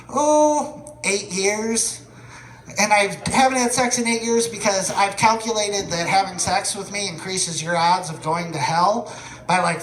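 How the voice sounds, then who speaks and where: A man performing a stand-up comedy set, telling deadpan stories that build to shouted punchlines. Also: high-pitched, echoey room. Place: comedy venue stage.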